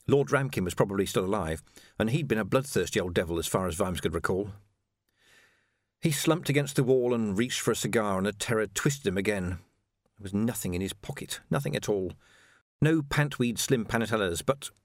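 Expressive male audiobook narrator. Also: on the low side, no room sound, studio quality. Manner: expressive, dramatic storytelling. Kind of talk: scripted narration.

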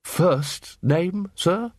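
A man's voice: sits high, expressive, extremely slow, a little mellow, dry recording, studio quality, voice pushed up, full character voice. A man doing a stiff, formal old butler. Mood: deferential. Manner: formal, deferential, addresses everyone as sir. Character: formal elderly male butler, deferential and unflappable.

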